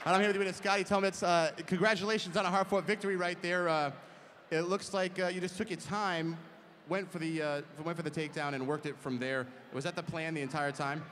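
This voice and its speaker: High-voiced male fight announcer. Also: steady tone. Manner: halting, fills with many uhs. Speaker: play-by-play commentator and cage interviewer. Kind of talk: live fight commentary. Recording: loud crowd and background noise.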